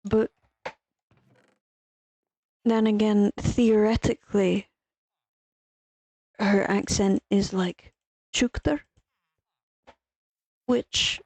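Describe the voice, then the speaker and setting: Irish woman streamer, unhurried rambling gamer chat with a mellow tone and the odd swear. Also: mid-range voice, level tone, dry recording, rough recording. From Ireland. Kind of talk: casual gaming chat.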